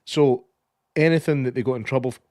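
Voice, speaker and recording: A Scottish man with a middle-pitched voice chats casually about a film on a podcast. He rambles and hunts for words, and the sound is dry and close. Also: brisk, darkish tone, dry recording. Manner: rambling, loses his words, casual swearing. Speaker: podcast co-host. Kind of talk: casual film-review chat.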